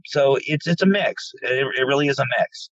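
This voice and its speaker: A man's voice: medium pitch, normal speed, no room sound. A man from central Pennsylvania, a paranormal investigator, telling stories in a casual interview and acting out quoted dialogue. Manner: animated storyteller, acts out quoted dialogue, repeats words. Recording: dull lo-fi dry audio.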